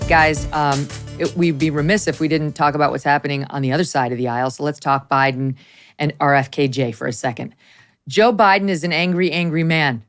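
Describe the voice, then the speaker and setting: A woman hosting a talk show, delivering commentary in a brisk, sardonic way. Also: very deep voice, level tone, soft background music. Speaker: host.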